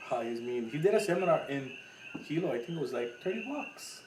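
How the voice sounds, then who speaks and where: A man from Hawaii tells a story in casual chat and acts out the other people in it. His voice sits at a middle pitch and sounds a little distant, in a room with a clear echo and a faint hiss. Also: fast. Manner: animated storyteller, acts out quotes with loud laughing voices. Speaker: podcast co-host. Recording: echoey room, mic at a distance, faint noise.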